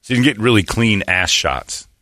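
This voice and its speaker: Casual host, a man with a low bright voice, lively storyteller, dry close mic. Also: moderate pace, dry recording. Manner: animated storyteller, jokey. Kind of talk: crude comedic banter.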